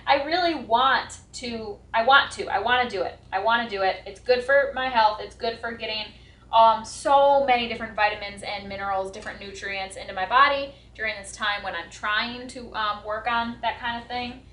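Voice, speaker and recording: A woman's voice: on the high side, moderate pace, fairly bright tone. Chatty young woman in an echoey kitchen. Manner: chatty, nervous, with restarts and giggles. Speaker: homestead vlogger. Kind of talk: casual kitchen vlog. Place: home kitchen.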